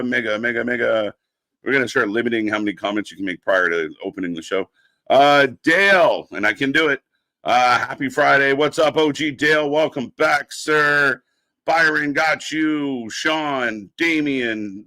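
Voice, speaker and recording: A young man with a mid-range, sharp-toned voice hosts a live wrestling watch-along stream, recorded with no echo. He rattles off chatters' names and greets them casually, staying upbeat throughout.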